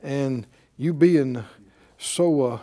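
A man with a dark, medium-pitched voice draws out his words as he preaches a sermon. His style is emphatic call-and-response, leading the congregation to repeat lines after him.

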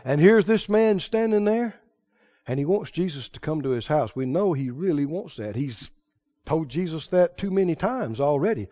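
A man's voice: fairly high pitch, animated, moderate pace, warm tone, lo-fi sound. A male preacher delivering a fervent sermon, calling out to the congregation and stressing his points.

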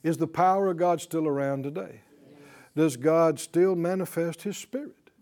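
A man's voice: on the high side, normal speed, mellow. A man teaching a Bible class in a call-and-response style. He stresses and repeats key words and has the class repeat lines back to him.

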